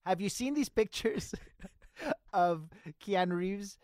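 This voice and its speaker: A man's voice: high-pitched, lively intonation, takes it slowly, a little mellow, no echo, studio quality. A man co-hosting a podcast, debating in a playful, teasing way and laughing often. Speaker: podcast co-host. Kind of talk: casual comedic debate.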